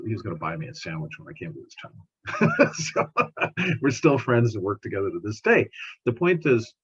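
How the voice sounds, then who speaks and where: A male scientist tells stories on a podcast in a lively, repetitive way. His voice is low and very husky, rising and falling a lot. The audio sounds muffled. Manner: animated, repeats words while telling stories. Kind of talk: storytelling in conversation.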